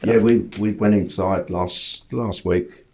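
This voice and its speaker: A man with a fairly low, easygoing voice. He mostly gives short, relaxed replies in casual chat as a guest on a podcast. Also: slow. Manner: laid-back, short agreeing replies. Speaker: guest, beach club venue operator.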